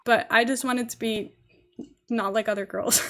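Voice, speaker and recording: Young woman, posh English accent, chatty streamer, rambling and giggly, slightly high voice. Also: fairly even intonation, unhurried. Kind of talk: casual live-stream chat while gaming.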